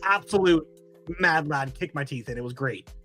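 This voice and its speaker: A man's voice: a little high, animated, normal speed, bright, forceful tone, faint music behind. A man hosting a casual podcast chat, telling rambling self-mocking stories full of fillers. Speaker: podcast host.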